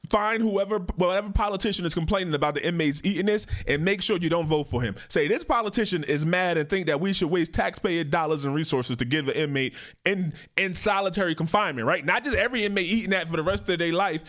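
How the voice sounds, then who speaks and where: Man, reaction host, casual ranting commentary, profane, fairly high voice. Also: quick pace. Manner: blunt, profane, animated ranting.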